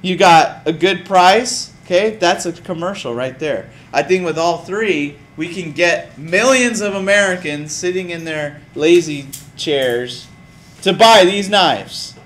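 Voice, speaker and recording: With a slightly high voice, this male teacher keeps his lecture casual and lively, often turning to quiz the class. He speaks at a measured pace.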